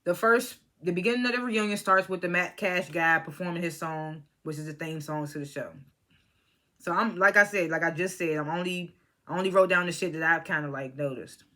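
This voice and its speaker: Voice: medium pitch, fairly quick, pushed and bright. A young adult reality TV reviewer in casual vlog commentary, talking bluntly and profanely with rambling asides.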